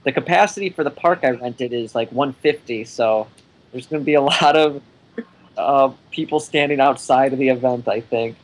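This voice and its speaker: A man's voice: mid-range voice, normal speed, low-quality recording. A man chatting casually as a guest on a podcast, rambling through plans with jokes and frequent laughter. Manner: joking, rambling, laughs often. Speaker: podcast guest, event organizer.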